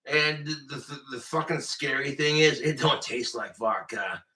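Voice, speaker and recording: Loud profane drunk man ranting. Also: mid-range voice, expressive, unhurried, low-quality recording. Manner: profane, loud outbursts, swings into shouting. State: drinking, tipsy. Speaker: livestreamer. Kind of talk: drunken rambling livestream.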